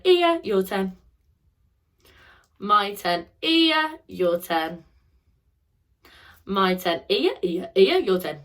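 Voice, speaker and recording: Young female phonics teacher, slow and bouncy, lively pitch, lowish voice, call-and-response drills. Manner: bright sing-song praise, call-and-response drilling. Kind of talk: recorded phonics lesson for children.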